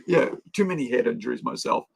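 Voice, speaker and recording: A man's voice: mid-range voice, expressive, quick pace, vocal fry. A man, hosting a live stream and chatting casually in a rambling way with lots of fillers. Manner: rambling, with many fillers and restarts. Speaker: stream host.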